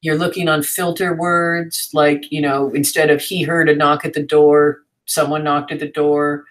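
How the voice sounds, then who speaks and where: A woman's voice: low voice, little pitch movement, normal speed, low-quality recording. Frank, chatty woman teaching writing. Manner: frank and chatty, with fillers and asides. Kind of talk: casual teaching talk.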